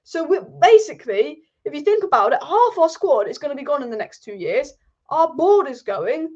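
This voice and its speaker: A woman's voice: sits high, big pitch swings, moderate pace, a little mellow. A woman hosting a live football fan stream, ranting passionately and repeating her points. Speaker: football channel host. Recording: dull lo-fi stream audio.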